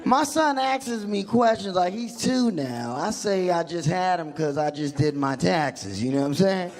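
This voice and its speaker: On a comedy club stage with a handheld mic, a young man performs a stand-up set in a high voice at an unhurried pace. His storytelling is animated, punctuated by loud bursts.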